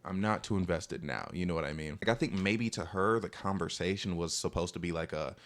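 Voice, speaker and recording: A young man with a somewhat low voice tells a casual storytime at a rapid clip. He rambles with constant "like" and "you know" fillers, and his pitch leaps upward on his animated asides.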